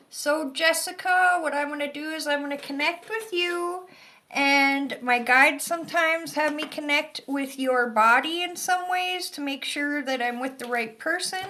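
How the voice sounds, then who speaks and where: A psychic reader from Michigan's Upper Peninsula gives chatty, rambling readings on a live stream, picked up by a phone or webcam. Her voice is high-pitched with a sharp tone and a Yooper accent.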